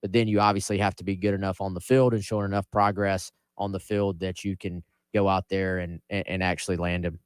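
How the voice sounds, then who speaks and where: Male sports radio co-host, resonant low voice, close dry mic. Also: flat delivery, a little fast, hardly any pauses, smooth, dry recording.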